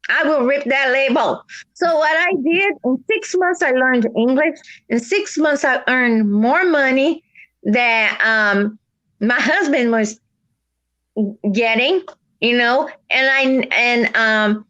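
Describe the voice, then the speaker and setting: A woman talks on a casual video livestream in a high voice. She tells her stories earnestly, breaking off and restarting as she goes. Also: takes it slowly, lo-fi sound. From South America. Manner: earnest, animated storytelling with restarts. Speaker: livestream host. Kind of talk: casual chat.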